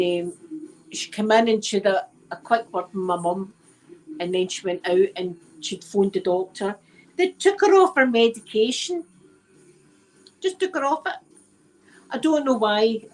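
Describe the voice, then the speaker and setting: A woman's voice: mid-range voice, a little mellow, rough recording. Chatty Scottish woman rambling on stream. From Scotland. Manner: chatty, rambling, repeats herself. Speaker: livestream host. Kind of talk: casual chat. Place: at home. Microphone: phone.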